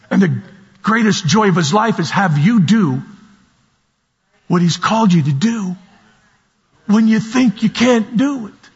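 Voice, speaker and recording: A man preaching a sermon in a church hall, slow and emphatic, repeating key words. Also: high-pitched, animated, husky. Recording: dull sound with long hall reverb.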